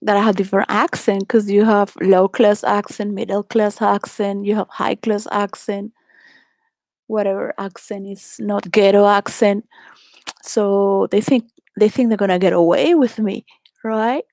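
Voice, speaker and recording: A woman's voice: mid-range voice, fairly even intonation, measured pace, a little mellow, no room sound. A woman from Venezuela telling candid personal stories in a rambling way, laughing often and restarting her sentences.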